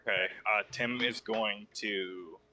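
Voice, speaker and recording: A man's voice: fairly low pitch, fairly even intonation, slow pace, bright, forceful tone. A man playing in a tabletop game, saying what his character does in a hesitant way. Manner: hesitant, with fillers. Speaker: player.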